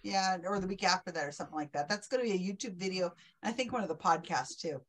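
A woman's voice: on the low side, fast, a bit bright. A woman hosting an online trivia night, talking in a chatty, enthusiastic, rambling way over a video call. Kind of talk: casual online group chat.

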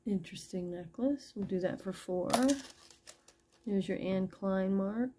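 A woman's voice: medium pitch, measured pace, background noise. A woman chatting casually as she shows and prices jewelry pieces one by one, talking to her viewers. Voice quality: gravelly, husky. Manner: chatty, pricing each piece aloud as she goes. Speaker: online jewelry seller. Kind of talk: casual live sales chat.

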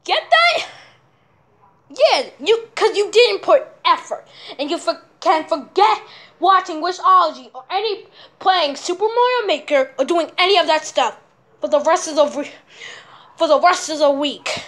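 A man's voice: extremely high pitch, expressive, measured pace, bright, forceful tone, voice pushed up, full character voice. A young man voicing a grumpy, exasperated grown-up father in an amateur plush puppet skit. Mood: scolding. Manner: scolding, exasperated.

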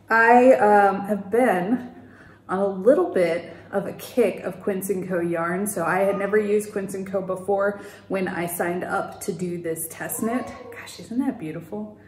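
A woman's voice: medium pitch, unhurried. A woman hosting a knitting podcast, talking casually and rambling a little, with fillers and the odd laugh. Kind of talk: casual knitting video chat. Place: home. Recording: echoey room.

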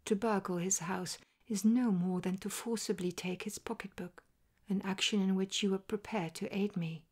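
A cool, self-assured gentleman detective, as a woman puts him on in whispered role-play. Measured and resolute, at a middling pitch for a woman's voice. His words come hushed and soft, close to a breath. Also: fairly even intonation, slightly rough, natural voice. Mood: calm resolve.

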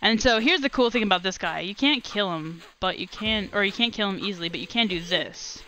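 Bright-voiced woman streaming a game. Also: mid-range voice, fairly quick, a little hiss or hum. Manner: rambling and excitable, restarts and laughs often. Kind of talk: casual live gameplay commentary.

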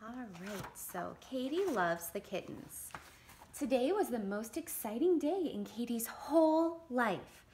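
A woman reading a picture book aloud to young children as a visiting parent, in an animated, expressive way. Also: on the high side, slow pace, a little hiss or hum. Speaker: parent community reader.

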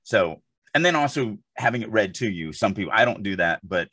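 A man's voice: lowish voice, animated, fairly quick, pushed and bright, husky, no room sound. A man co-hosting a podcast, chatting casually in an emphatic, rambling way full of asides. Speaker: podcast co-host. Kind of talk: casual chat.

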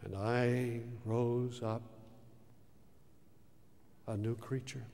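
A man preaching a sermon in a slow, dramatic style, rising to loud peaks and dropping to hushed words. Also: medium pitch, little pitch movement. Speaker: pastor. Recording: hall reverb.

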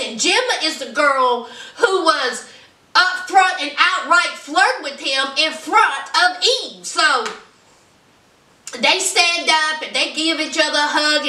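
A woman casually recapping a TV episode in a vlog, telling it as a lively story and acting out the scenes. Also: high-pitched. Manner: animated storyteller, acts out the scenes. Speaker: TV episode reviewer. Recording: roomy echo, mic at a distance.

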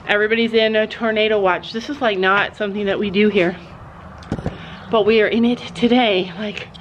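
A woman's voice: medium pitch, fairly even intonation, brisk, highs cut off, slight background noise. A woman from Canada chatting casually to her vlog audience at a horse barn, laughing often. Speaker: vlogger.

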